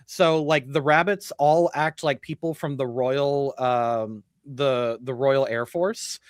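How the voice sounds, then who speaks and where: A man's voice: mid-range voice, fairly even intonation, slow pace, no echo, studio quality. A man chatting casually and rambling, with many "like"s and restarts. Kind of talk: casual chat.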